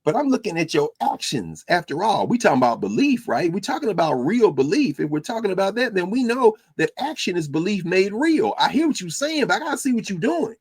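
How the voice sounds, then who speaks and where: A man hosting a podcast as a teacher, lecturing in a preacherly, animated way. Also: high-pitched, a little fast, few pauses, breathy edge. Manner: preacherly, animated, mixing quotes and asides. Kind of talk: lecture-style commentary.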